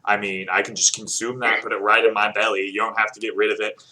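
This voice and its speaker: A man's voice: on the low side, level tone, fast talker, bright, forceful tone. A man talking as a player in a tabletop game, earnest and pleading. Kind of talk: casual tabletop play.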